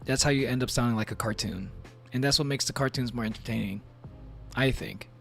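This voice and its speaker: A man's voice: mid-range voice, brisk, creaky. Male streamer, mid-range voice, casual rambling chat with frequent laughs, faint music under it. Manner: rambling, animated, laughs often between thoughts. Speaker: VTuber streamer. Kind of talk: casual live-stream chat while gaming. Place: at home.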